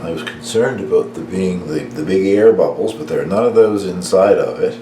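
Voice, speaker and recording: A man chatting casually about the bread he baked at home, relaxed and rambling with fillers. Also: deep voice, moderate pace. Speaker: home baking vlogger. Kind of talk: casual home cooking talk. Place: home kitchen and dining room. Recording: echoey room with background noise.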